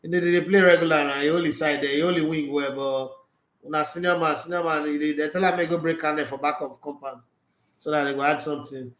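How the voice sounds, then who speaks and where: A man with a Nigerian Pidgin English accent runs an excitable football chat, laughing and switching freely between Pidgin and English. His voice sits a bit high for a man. The room around him rings with a noticeable echo. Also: fast. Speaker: sports channel host. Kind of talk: live football commentary chat.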